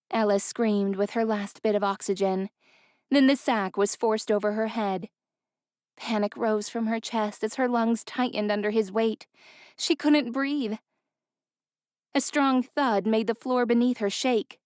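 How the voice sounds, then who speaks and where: A woman narrating a fantasy romance audiobook in an even, clear storytelling voice. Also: medium pitch, measured pace, dry recording, clean studio sound. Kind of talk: scripted narration.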